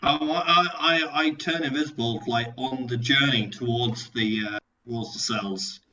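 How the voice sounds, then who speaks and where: A man's voice: mid-range voice, normal speed, sharp tone, poor audio. A man playing a tabletop game, hesitant and repeating himself as he explains his plan. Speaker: player. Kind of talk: casual tabletop play.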